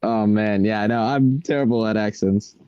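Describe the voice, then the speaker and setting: A man's voice: fairly low pitch, moderate pace, muffled recording, crowd noise. An American man co-hosting a live game stream, hesitant and easygoing, answering in short replies. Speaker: co-host. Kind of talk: casual live stream chat.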